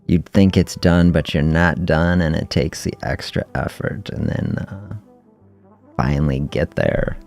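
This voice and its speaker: A middle-aged man hosting a fasting health podcast, telling a story in a relaxed, reflective way and chuckling often during a casual livestream. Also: a bass voice, vocal fry, soft background music.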